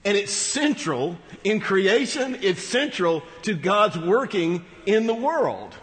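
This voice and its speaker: High-voiced preacher in a reverberant hall. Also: male voice, big pitch swings, takes it slowly, fairly bright tone. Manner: conversational, rhetorical asides. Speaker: pastor. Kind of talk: sermon. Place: large church hall.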